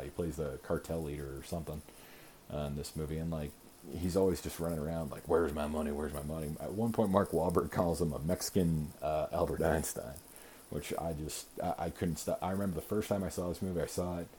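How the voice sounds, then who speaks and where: A man in his thirties hosts a podcast and talks through a movie review off the cuff. His voice sits low and dark, and he fills his sentences with "uh" and restarts. A faint hiss runs under the recording. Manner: rambling, frequent "uh" fillers and self-repeats. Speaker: podcast host. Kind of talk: casual movie review monologue.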